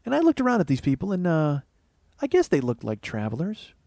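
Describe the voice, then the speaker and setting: Dude ranting through a funny travel story, talks quick, slightly high voice, dry close mic. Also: male voice, wildly swooping pitch, vocal fry, warm tone, dry recording. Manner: profane, ranting, mock-paranoid. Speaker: comedy podcast host. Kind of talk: comic storytelling monologue.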